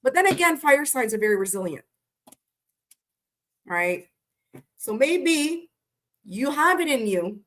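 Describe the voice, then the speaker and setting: A middle-aged woman doing a casual live-stream tarot reading, talking in a chatty, blunt and animated way. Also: high-pitched, slow pace, pauses often. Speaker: tarot reader.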